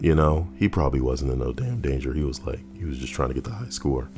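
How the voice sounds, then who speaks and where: A man hosting a live reaction stream, chatting casually and wryly and talking back to his viewers. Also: mid-range voice. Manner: wry, chatty, talks back to chat.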